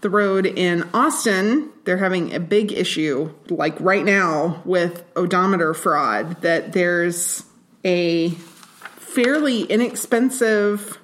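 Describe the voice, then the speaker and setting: A woman's voice: lowish voice, slow pace. A woman co-hosting a podcast, chatting casually as she shares research findings and laughs as she explains them. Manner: laughs while explaining facts. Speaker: podcast co-host. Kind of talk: casual chat sharing research.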